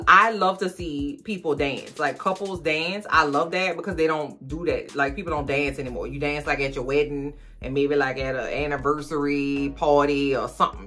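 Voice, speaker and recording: A woman chatting casually as she recaps a TV episode, sassy and animated, with quick asides to her viewers. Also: deep voice. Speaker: recap vlogger.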